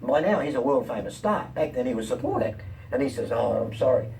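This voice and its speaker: An older man, a comedian and talk-show guest, telling lively anecdotes and voicing the people in them. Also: mid-range voice, fairly quick, vocal fry. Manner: lively, quotes people in animated voices. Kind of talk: anecdotal storytelling. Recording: distant mic, faint room noise.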